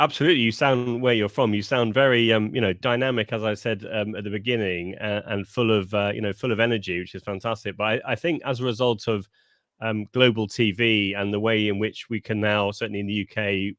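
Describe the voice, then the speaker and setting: A man from the south of England with a southern English accent, a guest on a live video call, speaking in a measured, polite way with many ums. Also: fairly low pitch, a bit bright, no echo, studio quality. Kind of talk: conversational interview.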